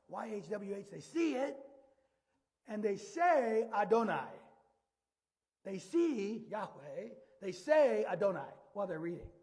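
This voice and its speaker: High-pitched and slightly rough, a man's voice delivers a conversational sermon. The pastor frequently repeats words and asks his listeners questions.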